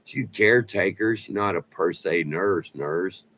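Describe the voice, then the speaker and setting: This vlogger, a middle-aged man with a low-sitting but fairly bright voice, tells drawn-out, profane stories in casual rambling chat, peppered with "man." The recording is rough, with slight background noise.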